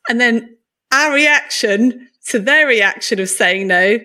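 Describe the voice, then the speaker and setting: A woman hosting a conversational interview, animated and quick to jump up in pitch when acting out what others think. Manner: animated, jumps high when acting out other people's thoughts. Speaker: podcast host.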